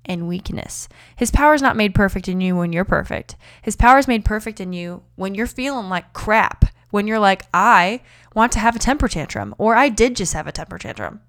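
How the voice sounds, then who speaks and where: A woman's voice: mid-range voice, expressive, a little fast, fairly bright tone. A young woman hosting a faith-based motivational podcast, chatty and upbeat with preacher-like emphasis. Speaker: podcast host.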